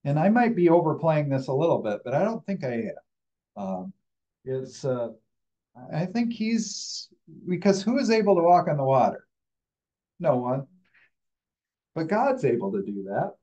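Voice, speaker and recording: A man's voice: a little high, sing-song, a little slow, pauses often, mellow, lo-fi sound. A man leading a church Bible study, teaching in an informal, conversational way with fillers and restarts.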